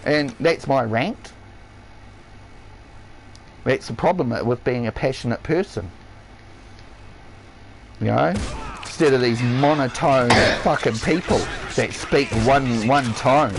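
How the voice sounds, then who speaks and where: This New Zealand man speaks slowly in a gravelly, medium-pitched voice, with long pauses and background noise. Ranting heatedly on a live game stream, he swears constantly, alternates between shouting and lowering his voice, and keeps repeating himself.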